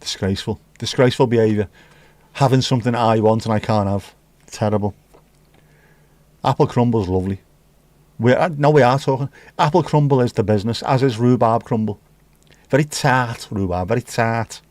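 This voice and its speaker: A man's voice: medium pitch, moderate pace, a little mellow, no echo. Bloke chatting with his stream chat, cheeky and rambling, dry close sound. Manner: chatty, cheeky banter with viewers. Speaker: livestream host reading chat. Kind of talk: casual chat. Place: home room.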